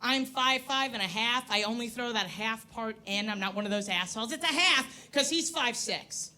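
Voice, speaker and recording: Brash high-voiced female stand-up comic. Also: moderate pace, slight background noise. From New York. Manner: brash, crude, self-mocking, loud put-on voices in bits. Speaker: stand-up comedian. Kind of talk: stand-up comedy set. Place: comedy club stage, live audience.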